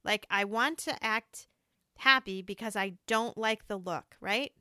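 A woman's voice: medium pitch, unhurried, bright, forceful tone, no echo, clean studio sound. A woman hosting a casual, heartfelt conversation, speaking earnestly and reassuringly about grief.

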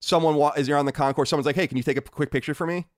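A man's voice: fairly high pitch, racing, no echo, clean studio sound. A man hosting a casual podcast chat, arguing his points with energy and reading out listener mail. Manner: animated, argumentative, reads listener mail. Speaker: podcast host.

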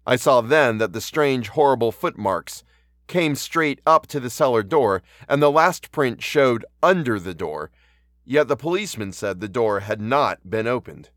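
A man hosting a podcast and reading a horror story aloud in a measured, earnest way. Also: medium pitch, animated, fairly bright tone, no room sound, clean studio sound. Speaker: podcast host and audiobook narrator.

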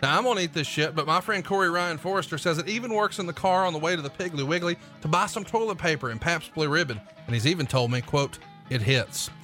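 A male podcast host, doing jokey, brisk ad reads in a casual way. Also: on the high side, sharp tone, soft background music.

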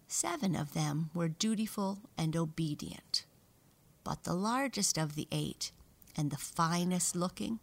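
Slow, low-voiced woman storyteller. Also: creaky. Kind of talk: storybook narration.

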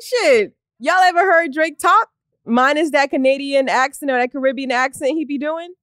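A woman co-hosting a casual podcast, talking in an animated way, swearing and laughing often. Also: sits high, normal speed, no echo, studio quality. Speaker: podcast co-host. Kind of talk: casual chat.

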